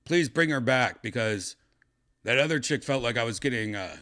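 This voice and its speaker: A man hosting a podcast, chatting casually in a rambling, halting way with crude asides. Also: mid-range voice, expressive, pushed and bright. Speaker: podcast host. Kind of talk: casual chat.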